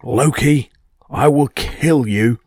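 A man voicing a hot-tempered male thunder god who shouts threats in a low voice. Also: normal speed, no echo, studio quality, close to an everyday voice. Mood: enraged. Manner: bellowing, furious threats.

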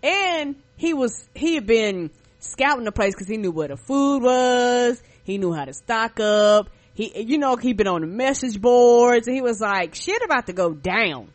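A male podcast co-host in casual chat, chatty and quick to agree with short replies. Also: very high-pitched, animated.

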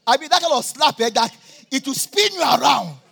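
A man preaching a sermon at a church campmeeting, jovial and laughing often, now and then bursting into shouts. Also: very high-pitched, animated, fairly quick, gravelly, some chatter behind. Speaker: pastor.

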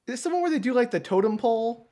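A man's voice: extremely high pitch, animated, racing, dark tone. A man guesting on a podcast, chatting casually with dry, quizzical remarks. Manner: quizzical, dry, asks lots of questions. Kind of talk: casual chat.

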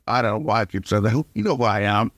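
Rambling podcast host, halting delivery. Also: male voice, on the low side, a bit bright, no echo. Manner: halting, rambling, lots of restarts and fillers. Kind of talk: casual storytelling monologue.

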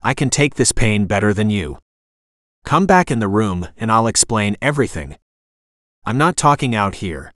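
A man's voice: on the low side, big pitch swings, normal speed, fairly bright tone, no echo, studio quality. A man reading the lines of an intense, defiant woman on the run, with a blunt, commanding way of talking. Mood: urgent, firm.

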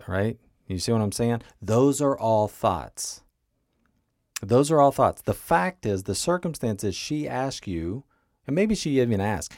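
A man's voice: lowish voice, very animated, unhurried, a little mellow, no echo, clean studio sound. A man hosting a coaching podcast, explaining casually and often checking in with "right?" and "okay?". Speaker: life coach and podcast host.

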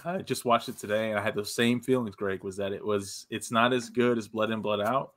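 A man's voice: fairly low pitch, fairly even intonation, fairly quick, a bit bright. Laid-back man chatting on a podcast. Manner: laid-back, laughs easily, swears. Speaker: podcast co-host. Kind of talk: casual chat.

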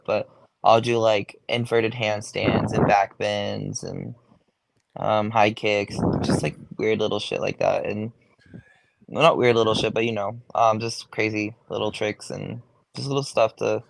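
A man's voice: on the low side, vocal fry, no room sound. A young man, a go-go dancer, talking casually in an interview, chatty, swearing freely and saying "like" a lot. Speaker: guest, go-go dancer.

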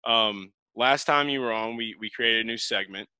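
A man hosting a podcast in casual chat, teasing his guest playfully, with many quick restarts. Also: medium pitch, bright, forceful tone, smooth, dry recording. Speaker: podcast host.

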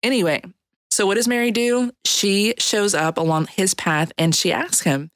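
A woman's voice: mid-range voice, moderate pace, no echo. A woman with a Louisiana Cajun accent giving a light-hearted, chatty devotional reflection on a podcast. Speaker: podcast contributor.

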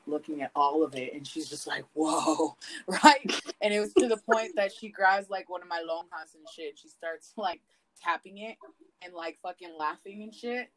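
A woman co-hosting a podcast, telling stories in casual chat, swearing a lot and swinging her pitch up and down. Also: normal speed, poor audio. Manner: profane, animated storytelling with big swings in pitch. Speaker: podcast co-host.

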